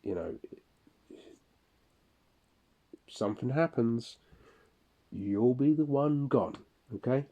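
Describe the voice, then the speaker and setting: A man talking through a personal audio-diary monologue in halting, broken phrases full of restarts. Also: medium pitch, lively intonation, dull audio. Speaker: audio diarist. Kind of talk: personal monologue recalling incidents.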